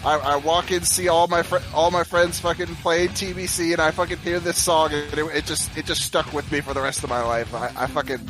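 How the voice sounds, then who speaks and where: A man's voice: on the high side, fairly even intonation, a little fast, few pauses, over music. A man in his twenties chatting casually as a podcast guest, swearing freely and stumbling over his words. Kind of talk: casual chat.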